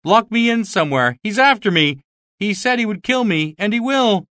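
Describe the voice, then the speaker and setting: A sobbing, panicked fugitive. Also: male voice, lively intonation, normal speed, fairly bright tone, dry recording, studio quality. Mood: panicked pleading. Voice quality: high, strained and pleading. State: crying and out of breath. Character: terrified, sobbing ragged man fleeing a pursuer.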